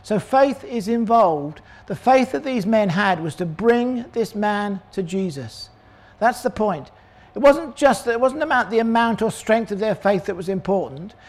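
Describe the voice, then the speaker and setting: Animated older male preacher. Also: sits high, measured pace. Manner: animated, acts out voices of crowd and characters. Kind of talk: sermon.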